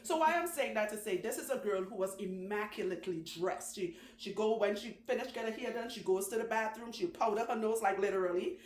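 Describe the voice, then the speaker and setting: A woman who owns a salon, telling long stories in a chatty, animated way and laughing often. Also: medium pitch. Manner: chatty, animated, laughs often, does quick voices for people she quotes. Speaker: loctician, channel host. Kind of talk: casual storytelling talk. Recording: echoey room with faint background noise.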